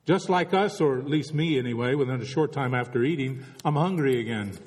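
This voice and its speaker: A man's voice: medium pitch, lively intonation, brisk, a little mellow, long reverb tail. A man delivering a reflective sermon as a pastor, full of rhetorical questions.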